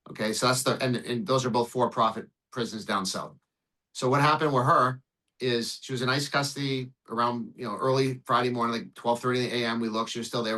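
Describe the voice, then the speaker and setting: Fast, bright-voiced male lawyer. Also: medium pitch, rough recording. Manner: animated, profane, acts out dialogue. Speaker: immigration lawyer. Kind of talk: podcast interview storytelling.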